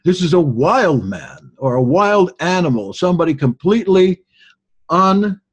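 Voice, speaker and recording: A man giving a deliberate Bible study lecture as a teacher, explaining and stressing key words. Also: high-pitched, very animated, slightly rough.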